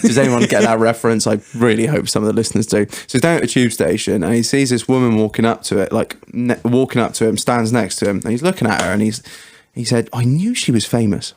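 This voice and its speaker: A man's voice: fairly low pitch, fast. A man co-hosting a podcast, telling an anecdote in chatty, giggly casual talk. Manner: chatty, giggly, restarts often. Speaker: podcast co-host.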